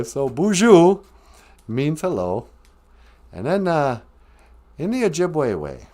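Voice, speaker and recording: Man, live stream host, casual chat, animated pitch, playful storytelling. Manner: animated storytelling with laughs and put-on quotes.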